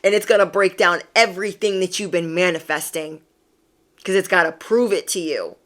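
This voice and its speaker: A woman's voice: fairly low pitch, moderate pace, a bit bright. A young adult woman giving a casual, encouraging tarot reading to camera, emphatic and repeating phrases. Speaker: tarot reader.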